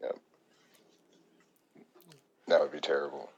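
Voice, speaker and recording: A man with a low, gravelly voice that drops into fry, chatting casually on a podcast. He tells profane work stories, laughs often and breaks into quick impressions of people he talks about. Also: flat delivery, dull audio, slight background noise. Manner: profane, storytelling, laughs a lot, mimics people in quotes. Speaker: podcast co-host. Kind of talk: casual chat.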